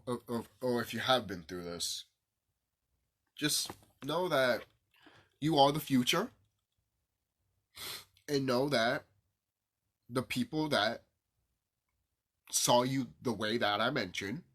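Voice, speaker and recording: A man's voice: medium pitch, animated, a little slow, pauses often, fairly bright tone. A man vlogging to camera in a rambling, profane monologue, repeating himself and ranting, his sinuses stuffed up.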